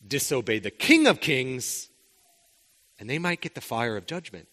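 A man's voice: mid-range voice, very animated, unhurried, bright, forceful tone. A man preaching a sermon as the pastor, talking conversationally with rhetorical questions and frequent restarts. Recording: long hall reverb.

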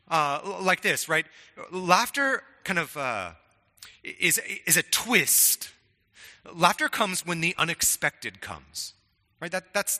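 A man's voice: fairly high pitch, sharp tone, in a large hall. A middle-aged man preaching a sermon in a conversational way, often stammering on restarts and checking in with "right?". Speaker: pastor.

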